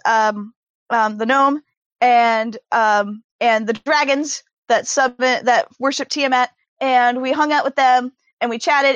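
A woman's voice: on the high side, a bit bright, no room sound, dull audio. A woman breathlessly recapping the last game session as a player, in long run-on sentences full of fillers. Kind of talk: rambling excited game recap.

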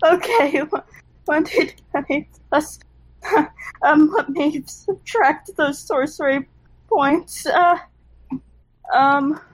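A woman's voice: high voice, slow pace, pauses often, rough recording. A woman playing a tabletop game, thinking aloud with frequent fillers. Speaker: player.

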